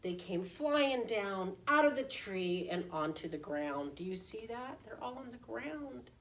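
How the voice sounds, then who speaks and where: A woman preschool teacher reading a picture book aloud in an animated way, often asking the children questions. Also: mid-range voice, measured pace. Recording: voice distant from the mic.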